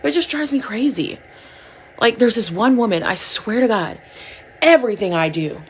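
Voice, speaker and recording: A woman's voice: a little high, lively intonation, moderate pace, slight background noise. A woman who is a mother and social media creator, chatting casually to camera while getting ready at home, candid and rambling with lots of "like".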